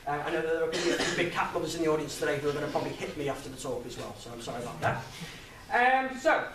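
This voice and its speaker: Young man, high voice, chatty and joking, echoey room, mic far off. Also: expressive, racing, noisy background. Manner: chatty, jokey, laughs at own stories. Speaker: guest speaker. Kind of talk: informal public talk. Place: lecture room with audience.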